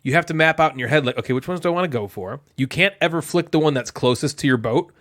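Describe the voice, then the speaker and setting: A man co-hosting a board game podcast in casual chat, animated and laughing often. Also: on the high side, fast. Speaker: podcast co-host.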